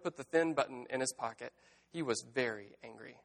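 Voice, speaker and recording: A man giving a sermon in a reflective, unhurried voice. He reads aloud from a storybook and then draws lessons from it, slipping in gentle wordplay along the way. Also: medium pitch, vocal fry. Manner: reflective, gently wry, with word-play asides. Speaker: pastor.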